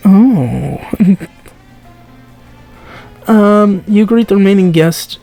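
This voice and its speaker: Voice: medium pitch, lively intonation, drawn-out words, creaky, pauses often, dark tone, faint music behind. A streamer reading a text game aloud, giggling often, stumbling over words and asking confused asides.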